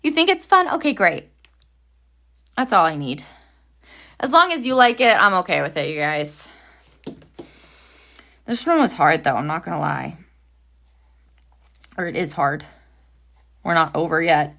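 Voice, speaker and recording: A woman's voice: low voice, sing-song, measured pace, vocal fry, long pauses, pushed and bright. A woman hosting a live planner session, chatting casually and cheerfully with viewers while she draws. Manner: chatty, upbeat, talks to viewers while working. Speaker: planner livestream host.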